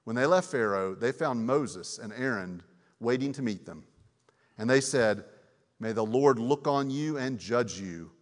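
A man preaching a sermon in a relaxed, conversational way, with many fillers and restarts and frequent questions to his audience. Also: mid-range voice, a little slow. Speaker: pastor. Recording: long reverb of a large hall.

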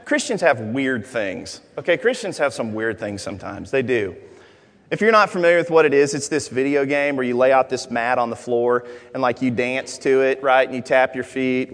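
A young man preaching a sermon in a large hall, telling jokes and stories in an animated way. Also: medium pitch, normal speed. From Arkansas, USA. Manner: animated, joking storytelling. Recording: long hall reverb.

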